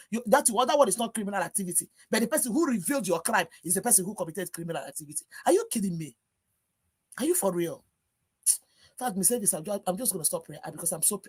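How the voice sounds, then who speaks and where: A woman's voice: medium pitch, slightly rough. A woman with a Nigerian accent, speaking as a panelist on a live stream over a video call, ranting in anger with one rhetorical question after another. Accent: Nigerian English. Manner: angry, exasperated rant with repeated rhetorical questions.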